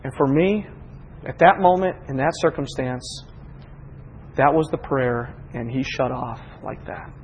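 A pastor preaching a sermon, telling a personal story earnestly, moving from hushed reflection to impassioned prayer. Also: male voice, mid-range voice, a little slow, long reverb tail, a little hiss or hum, rough recording.

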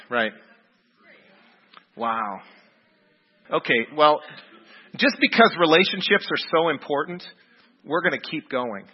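Guy running a group teaching thing, husky bit-high voice, echoey hall, dull sound. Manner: repeats answers back and jokes lightly with the group. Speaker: workshop leader taking answers from a group. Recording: dull recording in a reverberant hall.

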